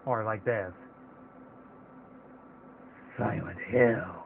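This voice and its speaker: A man putting on a slow, spooky announcer voice to intone video game titles. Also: on the low side, slight background noise. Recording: tinny phone-like audio with game music.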